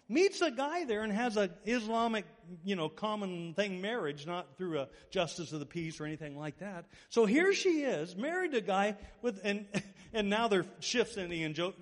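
This man's voice sits high, and a long reverb tail trails after his words. Preaching as a pastor, he narrates stories animatedly and performs the voices of each character.

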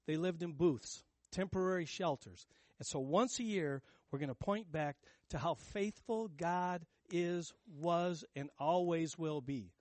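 Emphatic pastor with a lightish voice. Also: male voice, high-pitched, a little mellow, dry recording. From United States. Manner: conversational, emphatic preaching with rhetorical questions to the congregation. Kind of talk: sermon.

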